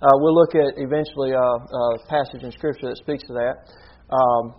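A man's voice: medium pitch, fairly even intonation, moderate pace, muffled recording. A man preaching a sermon in an earnest teaching manner, often checking in with a rhetorical "okay?".

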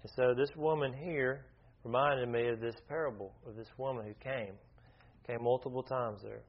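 A man's voice: medium pitch, steady tone, moderate pace. A man leading an informal Bible study, talking conversationally, often restarting his sentences and asking the group questions. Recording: dull lo-fi recording.

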